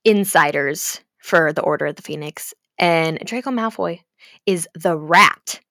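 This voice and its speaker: A young woman gushing about a book to her viewers, swearing freely and swinging between gasps, whispers and shouts. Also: lowish voice, no room sound, studio quality. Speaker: fanfiction vlogger. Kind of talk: emotional casual rant about a book.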